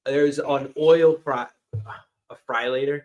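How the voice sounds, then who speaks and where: A man's voice: mid-range voice, steady tone, slow, darkish tone, rough recording. A man joining a casual livestream, telling an anecdote in a wry, offhand and guarded way.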